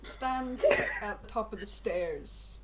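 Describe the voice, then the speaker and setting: A woman's voice: mid-range voice, animated, slow pace, low-quality recording. A woman narrating a tabletop game as game master, chatty and laughing. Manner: chatty, laughing, full of "like" and "just".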